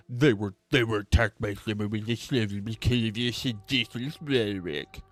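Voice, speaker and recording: A man's voice: lowish voice, moderate pace, soft background music. A man from New England doing live-stream commentary, ranting in a profane, heated way.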